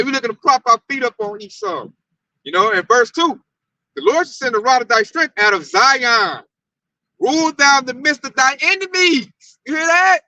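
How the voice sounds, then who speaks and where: A man with a Southern US accent, teaching scripture in an animated, slangy, hyped-up way. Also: very high voice, no room sound, far from the mic, dull audio. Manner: loud, slangy, hyped-up preaching. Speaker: Hebrew Israelite teacher.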